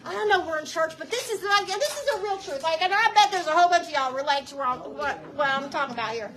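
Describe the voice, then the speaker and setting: A middle-aged woman telling her personal testimony to a church audience, animated and slangy, often laughing as she tells the story. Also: very high voice, quick pace. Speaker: guest speaker giving testimony.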